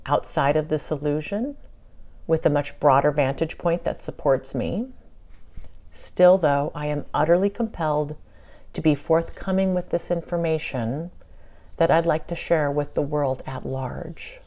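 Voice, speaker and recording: A woman speaks in a low, warm voice as she recounts a spiritual channeling. She is earnest and tearful, and often says things twice. The tone stays soft and relaxed. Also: unhurried. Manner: tearful, earnest, repeats herself. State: crying at times. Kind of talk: emotional first-person recounting.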